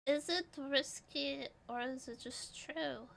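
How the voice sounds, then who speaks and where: Bright high-voiced congested young woman streamer. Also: slow pace, vocal fry. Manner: playful, giggly, dramatic outbursts. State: congested, clearing throat. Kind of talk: casual stream chat.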